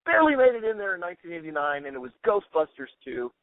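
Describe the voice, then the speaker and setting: An enthusiastic man co-hosting a casual podcast chat, his pitch sitting a little high. He gushes and quotes lines with energy. The sound is thin and phone-like, with no room echo. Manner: excited, quick to quote lines. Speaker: podcast co-host. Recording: tinny phone-like sound, dry.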